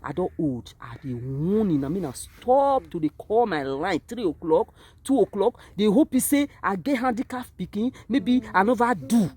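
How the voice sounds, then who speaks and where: A Nigerian woman with a Nigerian Pidgin English accent, talking to her camera at a cemetery, moving between quiet grief and loud, animated outbursts. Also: mid-range voice, normal speed, few pauses, slightly rough. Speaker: vlogger. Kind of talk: emotional direct-to-camera monologue. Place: outdoors at a cemetery.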